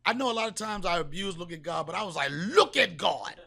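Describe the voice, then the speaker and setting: A man hosting a comedy podcast, telling loud, profane stories and shouting hype sign-offs. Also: high-pitched, racing. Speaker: podcast host. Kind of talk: casual comedic podcast talk.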